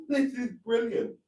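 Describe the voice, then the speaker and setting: A man's voice: very high voice, a little mellow. A man hosting a live stream, chatting casually and laughing with delight while reacting to viewer messages.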